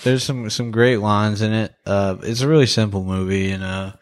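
A young man talks through a film in a loose, rambling way, laughing often and restarting his sentences. His voice sits a bit low. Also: steady tone, moderate pace, clean tone. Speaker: podcast co-host reviewing a movie. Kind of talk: casual chat.

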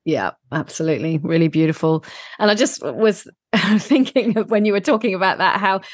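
A woman's voice: mid-range voice, expressive, normal speed. A middle-aged woman co-hosting a parenting podcast, talking enthusiastically and laughing between words. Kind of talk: casual conversational podcast chat.

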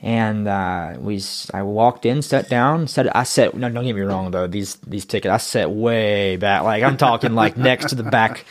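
A man telling his own story in a casual interview, rambling and repeating words as he grows excited. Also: lowish voice, moderate pace, hardly any pauses.

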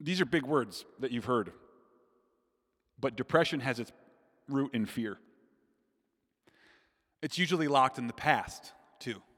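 Animated preacher man in a reverberant hall. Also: medium pitch. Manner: animated, addresses the crowd directly. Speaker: pastor. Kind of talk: sermon with comic storytelling.

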